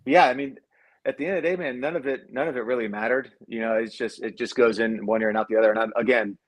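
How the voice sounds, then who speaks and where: A man's voice: fairly even intonation, quick pace. Laid-back man telling football stories. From Cuban heritage. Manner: laid-back, swears freely, acts out quotes in a higher voice. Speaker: former college quarterback, guest. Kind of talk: casual storytelling interview.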